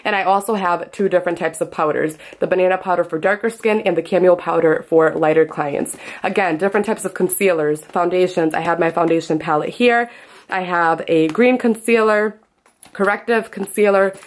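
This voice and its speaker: A woman's voice: fairly low pitch, brisk. A woman in her twenties, a makeup artist, chatting casually and upbeat as she walks through her work kit in a vlog. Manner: chatty, upbeat, lots of "literally".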